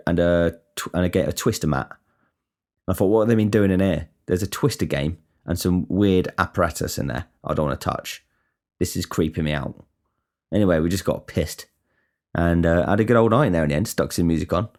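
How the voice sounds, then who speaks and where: Low-voiced man rambling. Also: a little mellow. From England. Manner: rambling, swears freely, frequent restarts. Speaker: podcast host. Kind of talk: casual storytelling monologue.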